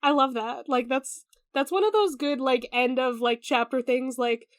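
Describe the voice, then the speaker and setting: A woman's voice: sits high, moderate pace, dry recording, studio quality. A woman co-hosting a podcast in casual chat, rambling and stumbling over hard names. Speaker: podcast co-host.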